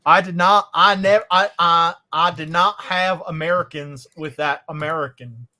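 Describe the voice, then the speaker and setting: A man's voice: fairly high pitch, unhurried, pushed and bright. A Canadian man chatting casually and wryly while streaming a game. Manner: bantering, wry, rambling. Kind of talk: casual gaming chat.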